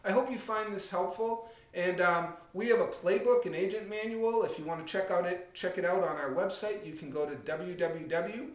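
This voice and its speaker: A man giving a direct, conversational real estate coaching talk, acting out anecdotes with lively energy. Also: high-pitched, normal speed, few pauses, roomy sound.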